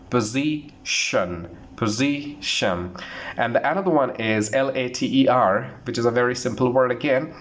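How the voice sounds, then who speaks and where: Earnest man teaching pronunciation. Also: medium pitch. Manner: earnest, repetitive, slows down to model words. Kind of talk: online pronunciation lesson.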